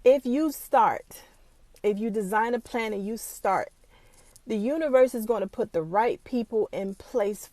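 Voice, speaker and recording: A slightly high, mellow female voice, recorded with no echo. She runs a small business of her own and talks straight to camera, casual and motivational, blunt with plenty of swearing, and she's emotional, fighting back tears at points.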